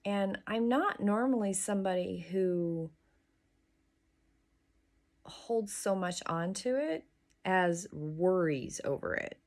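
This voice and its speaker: A woman hosting a morning devotional, talking in a soft, musing way with pauses and small restarts. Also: mid-range voice, animated. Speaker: devotional host. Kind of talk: reflective morning devotional talk.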